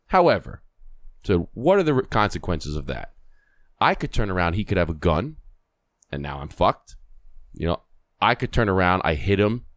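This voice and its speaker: A podcast host tells a long anecdote in a loose, animated way, swearing and restarting his sentences. His voice is low and the sound is dry and close. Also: moderate pace, dry recording. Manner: animated, profane, storytelling with rambling restarts. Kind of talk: casual podcast storytelling.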